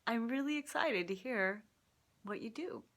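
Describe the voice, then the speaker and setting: A woman with a bright, clear voice talks straight to her viewers. She tells a story in a casual, lively way and laughs often. Her tone is friendly and open, like a personal vlog. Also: on the high side, a little slow. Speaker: vlogger sharing personal insights. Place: Seattle.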